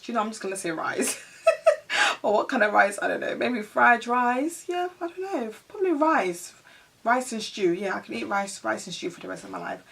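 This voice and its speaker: A woman's voice: fairly high pitch, very animated, moderate pace, gravelly, a bit bright, slightly rough, distant mic. A woman in her thirties, a mother, chatting casually to her viewers in a Q&A tag video, laughing often. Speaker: vlogger.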